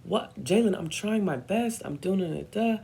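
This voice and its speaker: A woman's voice: medium pitch, animated, measured pace, gravelly, dark tone, breathy edge, pitched above the performer's own voice, full character voice. A man voicing his own exasperated mother, who answers defensively. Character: weary, exasperated mother driving.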